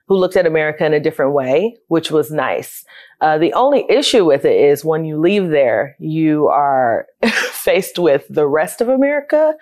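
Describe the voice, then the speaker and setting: A woman in her thirties from South Florida, who owns a childcare business, recounts her life story in an interview. Her deep, slightly mellow voice carries a candid, reflective, conversational tone.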